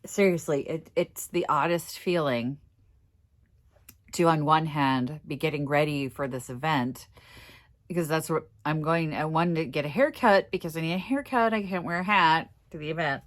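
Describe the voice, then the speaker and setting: A woman's voice: deep voice, normal speed. A middle-aged woman from Minnesota talking casually to her vlog viewers, emotional and tearful, laughing through it. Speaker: vlogger.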